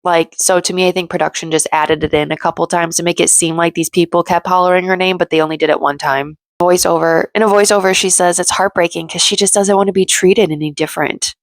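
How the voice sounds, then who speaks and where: A woman talks through a reality show episode as a casual recap host, chatty and opinionated, acting out the quotes as she goes. Her voice sits a little low and carries a gravelly fry. The sound is dry and close, with no room around it. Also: steady tone, fast, few pauses, no echo.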